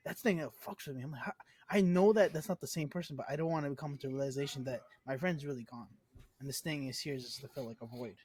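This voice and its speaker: A man's voice: mid-range voice, fast, a little mellow, breathy edge, no echo. Earnest, rambling young man, dry sound. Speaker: podcast co-host. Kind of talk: casual podcast chat.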